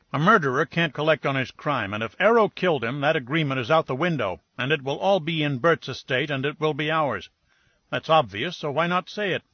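Brash breathy-baritone lout , read by a man, blunt and crude; dull lo-fi sound. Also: no room sound. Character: blunt, brash middle-aged man with a sore jaw. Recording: dull lo-fi recording.

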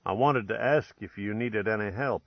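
A man voicing an easygoing young prospector who speaks in a soft, unhurried drawl, a little ironic. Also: fairly low pitch, no echo, dull audio. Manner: relaxed, unhurried, faintly ironic.

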